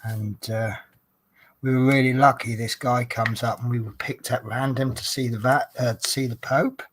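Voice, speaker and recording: A man's voice: medium pitch, fairly even intonation, normal speed, fairly bright tone, voice pushed down, close to an everyday voice. A man playing a cheerful woman telling her hairdresser about her holiday.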